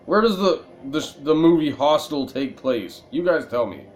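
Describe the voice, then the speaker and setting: A man's voice: fairly high pitch, lively intonation, normal speed, a little hiss or hum. A man casually commenting as he plays a video game, joking, profane and rambling. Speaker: let's play gamer.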